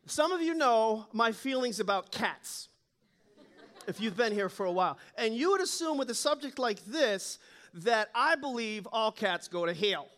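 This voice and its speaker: A man preaching a sermon as pastor, animated and joking, telling stories. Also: sits high, moderate pace.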